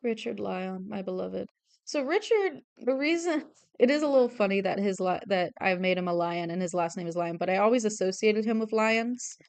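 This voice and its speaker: A woman's voice: medium pitch, expressive, moderate pace, gravelly, darkish tone, smooth, no room sound. A young woman streaming her drawing, chatting casually in a rambling, self-deprecating way and laughing often. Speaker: streamer and artist. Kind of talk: casual chat while drawing.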